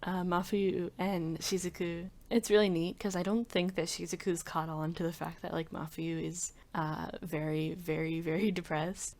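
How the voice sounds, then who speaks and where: Woman video creator, casual rambling commentary, filler-heavy delivery, slightly low pitch. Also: little pitch movement, normal speed, hardly any pauses, darkish tone.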